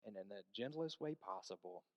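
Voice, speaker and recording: A man preaching a sermon, telling a story with hushed stretches and emphatic peaks and asking the congregation questions. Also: lowish voice, animated, a little fast, no room sound, lo-fi sound.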